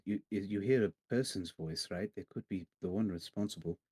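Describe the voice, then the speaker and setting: Very low-voiced man thinking aloud in a game. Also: fairly quick, dark tone, breathy edge, no echo. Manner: hesitant, thinks aloud with many restarts. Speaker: player. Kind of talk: casual tabletop play.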